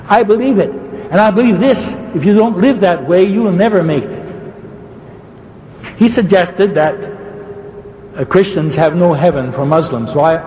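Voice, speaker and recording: A man preaching a sermon in a debate, fervent and fast-talking, swooping up high for emphasis and restarting mid-sentence. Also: darkish tone, reverberant, big-room sound, slight background noise, poor audio.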